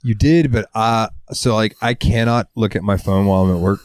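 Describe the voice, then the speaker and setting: A young man chatting on a podcast, his voice a little worn and strained. He talks in a laid-back way, swears freely and keeps clearing his throat. The sound is dry and close. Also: lowish voice, fairly even intonation, moderate pace, no echo. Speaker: podcast co-host. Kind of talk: casual chat.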